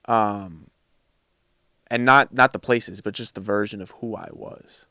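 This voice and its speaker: A man's voice: on the low side, a little slow, pushed and bright, no echo, studio quality. A man talking casually as a podcast guest, reflective and searching for his words.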